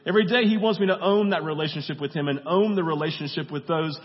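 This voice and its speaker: In a muffled, dull recording with a long hall echo, a high-voiced male pastor preaches casually. He frequently checks in with his listeners and acts out retold scenes, rattling off movie lines in quick voices.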